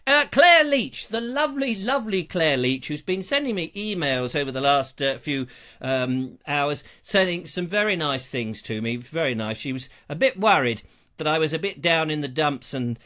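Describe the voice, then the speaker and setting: A man's voice: fairly high pitch, lively intonation, moderate pace, a bit bright. A man hosting a live online show, chatting in a playful, jokey, theatrical way. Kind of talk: casual live-stream chat.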